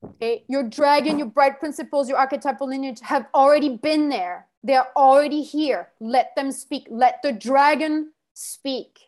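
A woman runs the session with a high, bright-set voice. She speaks in terse commands, swears freely and pushes her trainees hard. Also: moderate pace. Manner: commanding, gives short orders. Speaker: workshop coach. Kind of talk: directive coaching, blunt and profane.

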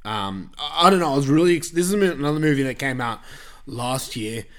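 A man's voice: mid-range voice, lively intonation, a little fast, a bit bright. Man, podcast host, casual film chat, blunt, sweary. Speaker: podcast host reviewing films.

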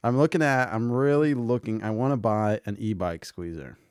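A man with a fairly low voice, recorded close and dry with no room sound. He talks in a loose, rambling way, tells casual stories, swears freely and breaks into laughter as he co-hosts a podcast chat. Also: moderate pace, a little mellow, smooth, dry recording. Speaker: podcast co-host.

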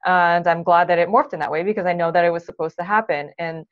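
Encouraging woman podcast host. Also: fairly low pitch. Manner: encouraging, fast, filler-heavy. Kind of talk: casual chat. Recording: dull lo-fi sound.

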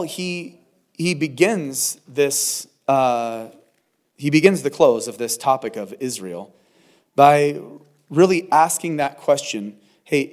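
A man's voice: a little high, darkish tone. A man preaching as a pastor in a verse-by-verse sermon, talking in a conversational, earnest way with restarts. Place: church service.

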